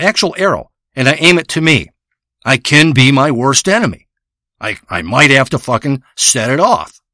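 A man's voice: mid-range voice, bright, forceful tone, no echo, studio quality. A man telling a crude, profane, rambling comedic monologue. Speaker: comedic storyteller.

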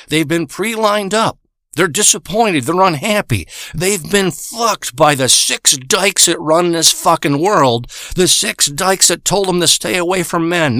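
A man's voice: fairly high pitch, bright, forceful tone, no echo, studio quality. A man in a crude comedic rant, profane, boastful and rambling, stretching out words for emphasis.

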